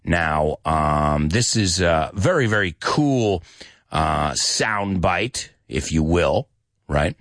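A man teaching English with movie scenes, acting out lines in a lively voice and adding short glosses. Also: takes it slowly, dry recording, clean studio sound. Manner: lively, acts out quoted lines in higher pitch, mixes in Spanish glosses.

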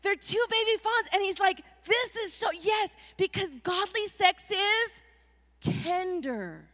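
A woman pastor preaching a lively sermon with call-and-response to the congregation. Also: very high voice, takes it slowly, big-room sound.

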